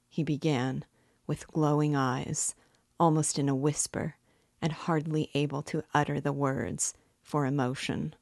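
Woman reader, low, slow, deliberate literary narration; dry close mic. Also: level tone, a little mellow, dry recording. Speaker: reader and guide. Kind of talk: audiobook-style literary reading.

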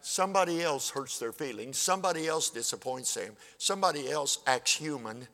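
A man's voice: fairly high pitch, lively intonation, brisk, sharp tone. An older man in his seventies preaching a sermon in a folksy, plainspoken way, acting out conversations. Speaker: pastor. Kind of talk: sermon with storytelling. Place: church sanctuary. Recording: church hall reverb.

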